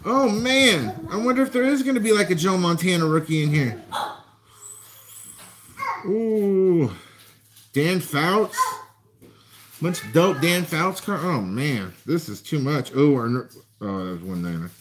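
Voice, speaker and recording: A man chatting casually to viewers while opening a box of trading cards. He gets excited and shouts over good finds. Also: on the high side, unhurried, long pauses, noisy background. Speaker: card collector vlogger.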